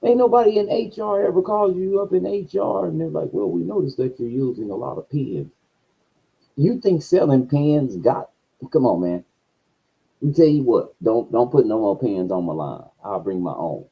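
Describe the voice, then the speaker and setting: A man telling a profane story in a casual rant, his voice swinging between low mutters and loud outbursts. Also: expressive, normal speed, husky, highs cut off. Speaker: streamer.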